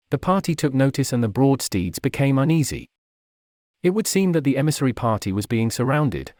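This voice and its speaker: Guy reading a fantasy storybook, steady and measured, dry close mic. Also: medium pitch, dry recording. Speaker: narrator. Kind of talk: storybook narration.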